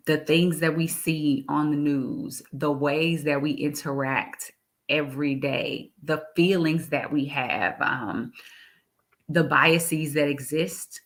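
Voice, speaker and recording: A woman talking in a casual interview, animated, laughing often and repeating her phrases. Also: low-pitched. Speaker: guest, executive director.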